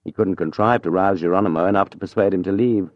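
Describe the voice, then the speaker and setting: A man narrating an audiobook in a measured, even storytelling manner. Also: deep voice, no room sound, dull audio.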